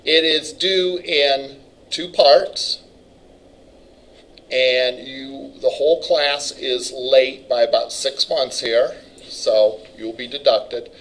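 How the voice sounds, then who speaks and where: A man's voice: medium pitch, steady tone, slow pace, a bit bright, rough recording. A middle-aged man teaching a college class, talking casually and rambling, often stopping and restarting his sentences. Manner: rambling, casual, self-interrupting. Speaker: college instructor. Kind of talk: classroom lecture.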